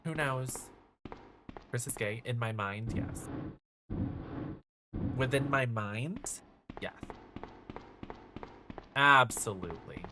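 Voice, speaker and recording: A woman's voice: rumbling low, slow, long pauses, background noise. A woman livestreaming a horror game, chatting in a campy, sassy way and answering her viewers. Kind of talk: casual livestream commentary.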